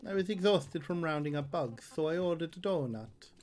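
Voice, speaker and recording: A man's voice: a little high, animated, moderate pace, a little mellow, natural voice. Man doing a bad Italian restaurant owner. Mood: aggrieved. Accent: put-on Italian. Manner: exaggerated comic accent.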